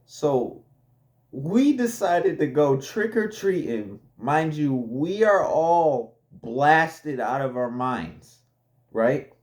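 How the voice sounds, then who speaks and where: A man's voice: fairly high pitch, very animated, very slow, darkish tone. A young man casually telling a personal story to his viewers, laid-back and chatty, laughing often and calling the audience y'all.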